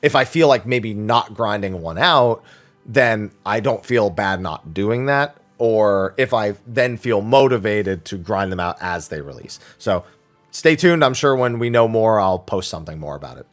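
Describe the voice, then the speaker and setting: A man hosting a weekly viewer Q&A, reading questions aloud and thinking them through in a casual, animated way. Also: lowish voice, unhurried, soft background music. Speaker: streamer answering viewer questions.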